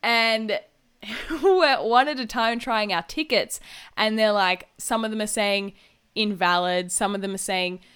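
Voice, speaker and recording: A woman's voice: mid-range voice, unhurried, a bit bright, clean tone. A young Australian woman co-hosting a podcast, telling a story in a chatty, casual way with lots of "like" and frequent laughter. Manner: chatty, laughs often, many "like" fillers. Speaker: podcast co-host.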